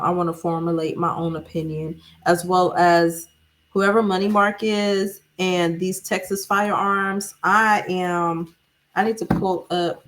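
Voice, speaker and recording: A woman hosting her own channel, reading a legal document aloud and then chatting with viewers in a casual, sarcastic way. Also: on the low side.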